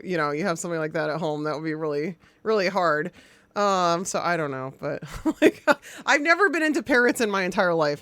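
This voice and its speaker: A woman streaming a game, chatting casually with viewers in an excitable, giggly, gushing way. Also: lowish voice, no room sound. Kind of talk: casual live-stream chat.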